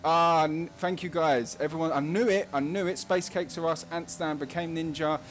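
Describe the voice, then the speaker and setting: A man's voice: on the high side, fairly even intonation, normal speed, a little hiss or hum. A man with a London Cockney accent hosting casual live race commentary, joking and reading out chat messages between laps. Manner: chatty, jokey, reads out chat messages. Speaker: race commentator and stream host.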